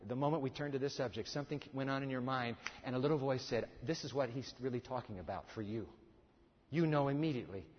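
A male preacher delivering a sermon, swinging from loud exhortation to hushed intensity, in a church. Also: mid-range voice. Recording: echoey hall, dull lo-fi sound.

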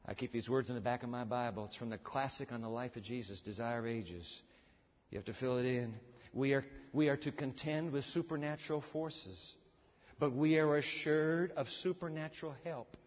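Male preacher, fairly high voice, big swings from hushed to booming, reverberant hall, dull sound. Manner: dramatic swings between booming and hushed delivery; asks the audience rhetorical questions. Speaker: pastor. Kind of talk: sermon.

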